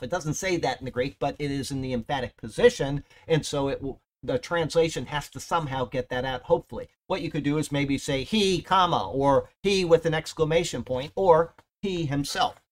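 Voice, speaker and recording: Emphatic man teaching a Bible study. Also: fairly high pitch. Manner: emphatic, conversational, often checks in with "okay?".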